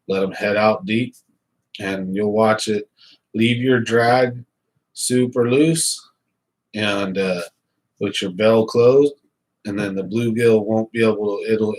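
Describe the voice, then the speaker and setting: A man's voice: fairly low pitch, steady tone, measured pace, a little mellow, low-quality recording. A man, hosting a fishing channel and rambling casually to his viewers with lots of fillers. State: hiccups.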